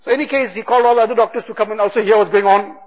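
A man giving a religious talk, retelling stories with quoted dialogue in a husky voice. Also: high voice, steady tone, racing, faint music behind. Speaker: religious speaker. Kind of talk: sermon storytelling. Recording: dull lo-fi recording.

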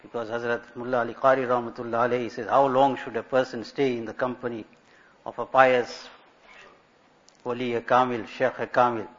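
A man's voice: medium pitch, level tone, a little fast, a bit bright. A man giving a religious sermon as an Islamic scholar, telling stories and asking rhetorical questions. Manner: storytelling, rhetorical questions, Arabic religious terms. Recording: dull lo-fi recording.

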